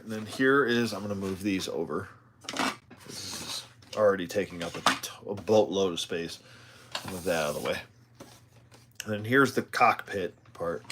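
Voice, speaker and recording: A man's voice: medium pitch, a bit bright. A tired man chatting casually while he unboxes a toy live, rambling with self-deprecating asides. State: tired, yawning.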